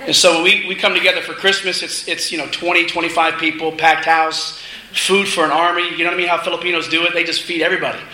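A middle-aged man preaching a sermon, telling a family story in a casual, animated way with laughing asides. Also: a little high, fast talker. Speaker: minister. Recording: echoey room with faint noise.

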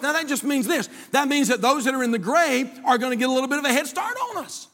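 A man's voice: extremely high pitch, quick pace, few pauses, a bit bright, long reverb tail. An older man preaching a sermon as pastor in a church, folksy and emphatic, repeating his key phrases. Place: church sanctuary.

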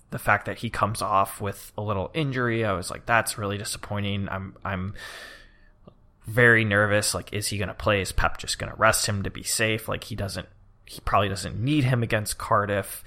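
A man's voice: on the low side, pushed and bright. A man co-hosting a casual podcast, rambling eagerly as he talks through his reasoning. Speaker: podcast co-host.

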